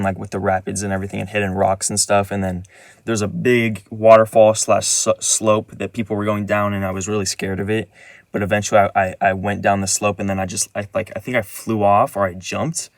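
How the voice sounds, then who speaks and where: A man's voice: fairly low pitch, fairly even intonation, fairly quick, no echo. A man casually recounting a dream in a rambling way, with lots of restarts and filler words. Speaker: vlogger. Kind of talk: casual dream retelling monologue.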